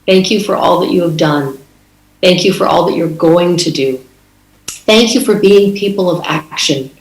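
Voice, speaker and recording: A woman's voice: lowish voice, normal speed, roomy sound, poor audio. A middle-aged woman from Canada telling a story in an earnest conference speech, with fillers and restarts. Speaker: conference speaker.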